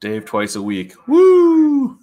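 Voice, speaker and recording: A man's voice: medium pitch, expressive, moderate pace, fairly bright tone. A man talking casually to viewers on a livestream, chatty and laughing often. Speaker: livestream guest.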